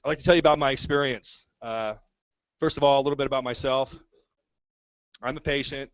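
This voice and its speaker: A man's voice: mid-range voice, muffled recording. A man giving an impassioned speech at a community town hall, repeating his points to rally the room. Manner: fervent, repetitive rallying speech. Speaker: activist speaking at a town hall.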